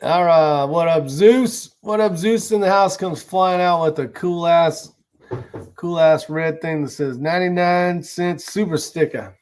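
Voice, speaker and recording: Guy with a slightly high voice rambling through viewer comments on his stream, swears now and then. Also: a little slow. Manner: chatty, rambling, swears casually. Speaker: livestream host. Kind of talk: casual live chat reading viewer comments.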